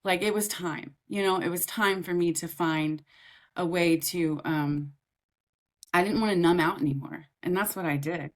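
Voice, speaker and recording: A woman's voice: lowish voice, moderate pace. A woman guest on a podcast, an author and grief coach, telling her story candidly and with feeling, often laughing as she talks. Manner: emotional, animated, laughs while talking.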